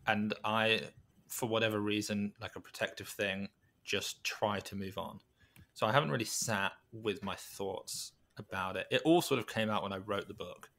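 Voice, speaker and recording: A man speaking as a guest on an interview podcast, thoughtful and halting, with many restarts and fillers. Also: lowish voice, steady tone, fairly bright tone. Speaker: podcast guest, weightlifting coach. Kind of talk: reflective conversational interview.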